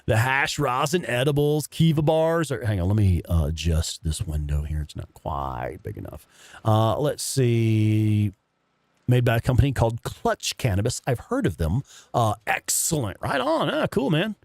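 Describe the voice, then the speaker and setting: A man's voice: lowish voice, animated, moderate pace, darkish tone, dry recording. A man in his fifties casually commentating a video game, laid-back, laughing often and swearing freely. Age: 50s. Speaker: gameplay streamer. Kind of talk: casual let's play commentary.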